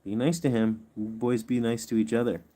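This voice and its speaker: A man's voice: mid-range voice, fairly even intonation, fairly quick, dark tone. A man hosting a casual livestream, coaxing his pets and chatting with viewers. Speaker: pet channel host.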